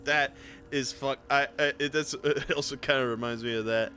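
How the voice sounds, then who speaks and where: A young man streamer chatting casually, often breaking into high-pitched laughter. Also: steady tone, normal speed, sharp tone, faint music behind. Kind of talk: casual chat.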